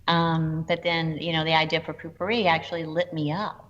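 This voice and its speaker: A middle-aged woman telling stories in a casual interview, animated and quoting people in dialogue. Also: deep voice, normal speed, a little hiss or hum. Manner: animated, quotes herself and others in dialogue. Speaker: guest entrepreneur. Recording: dull lo-fi sound with long reverb.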